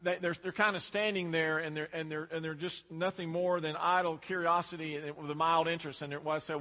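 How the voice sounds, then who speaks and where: Preacher with a bright, ringing voice. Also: male voice, fairly high pitch, steady tone, fairly quick, few pauses. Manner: emphatic preaching with repetitions. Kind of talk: sermon. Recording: long hall reverb.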